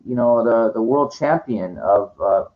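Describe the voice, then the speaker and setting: A man's voice: on the low side, unhurried. A man ranting at a viewer in a condescending, lecturing way, stumbling and restarting his sentences. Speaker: vlogger answering viewer comments. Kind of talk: ranting monologue to camera. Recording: dull lo-fi sound.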